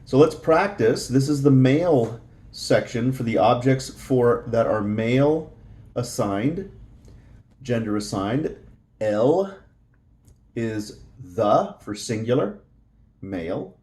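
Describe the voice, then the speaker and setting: A man's voice: medium pitch, lively intonation, slow, pauses often, darkish tone. A man teaching a Spanish lesson, explaining patiently with frequent fillers and repeating each word. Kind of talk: slow explanatory language lesson.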